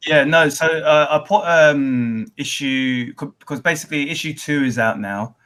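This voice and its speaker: A man hosting a casual podcast, talking haltingly over a computer call. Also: a little high, a bit bright. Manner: hesitant, many fillers and restarts. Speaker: podcast host. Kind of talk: casual chat. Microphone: computer on a remote call.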